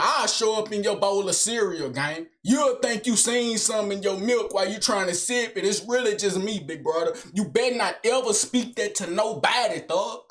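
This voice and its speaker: A young man doing a high-energy comedic rant to camera, slangy and swaggering, swinging between shouting and low mutters. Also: normal speed, few pauses. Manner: slangy, keeps tagging lines with son and big brother. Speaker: comedic vlogger.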